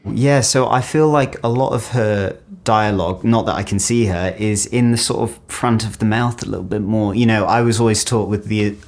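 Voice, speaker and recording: A man's voice: lowish voice, normal speed, gravelly, hardly any pauses. A man hosting a reaction video, chatting and thinking aloud about accents. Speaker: host reacting to accent clips. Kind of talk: casual reaction commentary.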